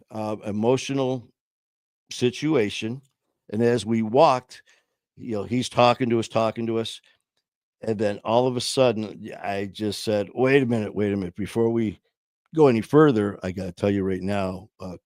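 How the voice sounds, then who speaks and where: A man with a lowish voice tells a story to his viewers in an earnest, rambling way, stopping and restarting often. He is hosting a sobriety support livestream from a small home studio. The sound is close and dry, with no room echo. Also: a little mellow.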